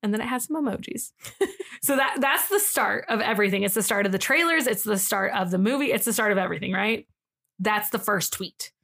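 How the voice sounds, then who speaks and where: A podcast co-host tells a story in casual conversation, giggling often and filling her speech with "like" and other fillers. Her mid-range voice is gravelly and a bit bright, and she speaks fairly quickly.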